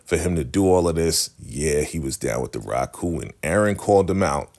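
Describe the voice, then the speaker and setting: A man's voice: extremely low pitch, lively intonation, moderate pace, darkish tone. A man casually recapping a TV episode, animatedly acting out the characters' lines. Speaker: TV recap vlogger.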